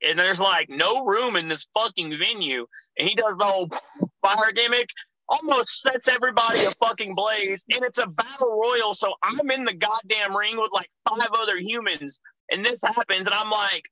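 A young man with a very bright, forward voice swaps profane wrestling road stories at a quick, rambling clip. His sound is dry and close, with no room around it. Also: high-pitched, no echo, poor audio. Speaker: guest, pro wrestler. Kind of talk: casual podcast chat.

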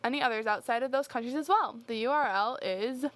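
A woman's voice: fairly high pitch, brisk, a bit bright. A woman guesting on her father's podcast, chatting casually in a playful, joking way. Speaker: host's daughter as guest.

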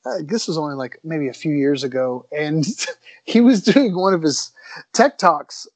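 Male, a bit high-pitched, relaxed and chatty, dry close sound. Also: a little slow, no room sound. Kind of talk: casual anecdote telling.

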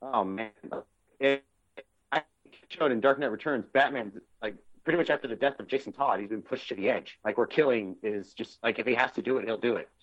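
A man's voice: mid-range voice, a little fast, a bit bright. A young man co-hosting a podcast, chatting eagerly and rambling with lots of fillers. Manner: enthusiastic, rambling with many fillers. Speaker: podcast co-host. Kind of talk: casual chat. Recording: dull lo-fi recording.

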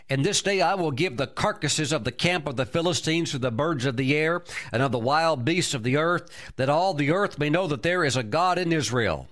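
Guy preaching a sermon, slightly high voice, keeps repeating himself and shouting praise lord, hallelujah. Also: lively intonation, brisk. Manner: emphatic, with frequent exclamations of praise; repeats words and restarts often.

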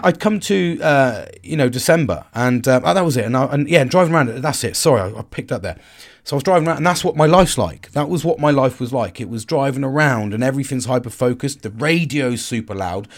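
A man with a Cockney accent hosting a podcast, talking through a personal story in a rambling, profane way with frequent restarts. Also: mid-range voice. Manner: rambling, swears freely, restarts often. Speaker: podcast host. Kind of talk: casual personal monologue.

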